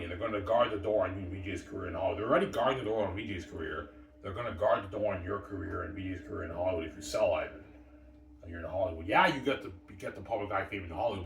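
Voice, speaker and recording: Man ranting, deep voice, echoey room. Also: slight background noise. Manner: aggrieved, profane ranting. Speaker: vlogger. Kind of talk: rambling solo monologue. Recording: echoey room, far from mic.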